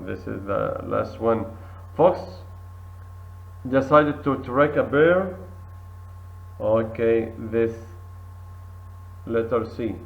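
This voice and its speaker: Slow-talking male English teacher, tinny audio. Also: medium pitch, vocal fry. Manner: slow, repeats each word twice for practice. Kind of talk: recorded classroom lesson.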